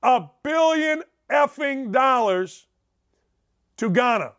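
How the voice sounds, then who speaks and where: A man's voice: extremely high pitch, expressive, slow pace, fairly bright tone. A middle-aged man hosting a sports talk show from home, ranting in an emphatic, sarcastic and digressive way. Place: home studio.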